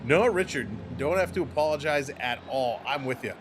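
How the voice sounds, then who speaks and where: A man's voice: on the high side, moderate pace, noisy background. Chatty male live stream host. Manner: chatty, rambling, talks straight to viewers. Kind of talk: casual play-by-play and chat reading.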